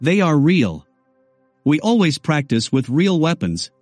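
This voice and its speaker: A calm female warrior who speaks evenly and plainly, as a man reads her out. The reading is dry and close, over faint music. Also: a little high, unhurried, no room sound. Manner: even, matter-of-fact.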